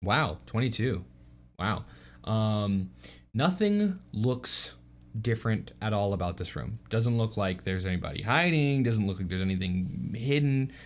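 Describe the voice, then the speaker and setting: A man's voice: fairly low pitch, animated, measured pace. Laid-back man running a tabletop game. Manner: loose, filler-heavy narration. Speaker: dungeon master.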